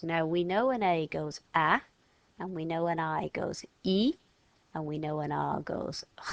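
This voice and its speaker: A woman leads a gentle phonics lesson for young learners. She speaks very slowly, with a low, gravelly voice, and draws out each sound she demonstrates. The recording is close and dry. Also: no echo. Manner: slow, patient, modelling sounds aloud and stretching words. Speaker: French teacher. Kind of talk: step-by-step phonics lesson for children.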